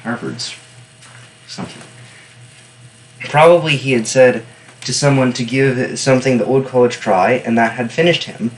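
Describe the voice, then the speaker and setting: A man reading a novel aloud in steady first-person narration, stopping now and then for wry, offhand comments on the text. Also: medium pitch, moderate pace, long pauses, low-quality recording. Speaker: reader and annotator.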